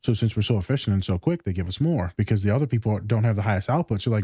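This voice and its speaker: Blunt, profane man, mellow voice. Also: lowish voice, lively intonation, racing, husky, no room sound. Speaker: podcast host. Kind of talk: casual podcast chat. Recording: slightly dull lo-fi recording.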